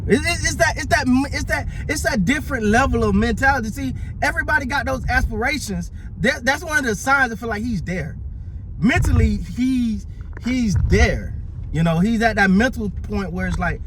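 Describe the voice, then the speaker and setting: Animated high-voiced man talking sports. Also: brisk, background noise. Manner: animated, repeats words, laughs often. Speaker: sports commentator. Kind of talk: casual sports talk.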